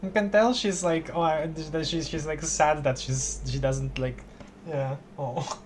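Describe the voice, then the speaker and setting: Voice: medium pitch, steady tone, unhurried, slight background noise. A streamer in casual commentary over a story game, thinking aloud, reading text and stumbling over words. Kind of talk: casual let's-play commentary.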